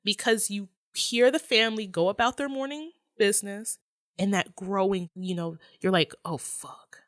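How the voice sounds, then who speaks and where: Podcast guest, woman, mid-pitched, dry close sound, animated and loose-tongued. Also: normal speed, no room sound. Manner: animated retelling, swears freely. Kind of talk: casual movie discussion.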